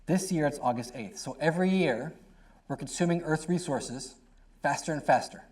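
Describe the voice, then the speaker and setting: A middle-aged man talks on a panel. He speaks conversationally and tells animated stories with quick asides. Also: on the high side.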